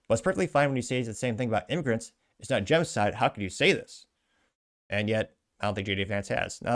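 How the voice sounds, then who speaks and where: A man hosting a commentary show, reading out social media posts and adding wry, sarcastic asides. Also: medium pitch. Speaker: show host.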